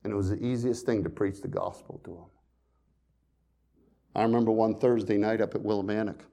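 A man pastor preaching a sermon, swinging between loud emphasis and quiet, hushed storytelling. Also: lowish voice, fairly even intonation, a little fast, gravelly.

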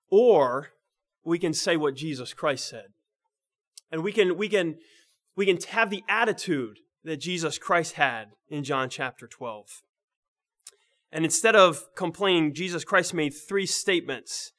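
A man preaching a sermon in a conversational way, often checking in with the listeners and restarting phrases, moving between emphatic lines and quiet, low ones. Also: normal speed. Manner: restarts and repeats words mid-phrase.

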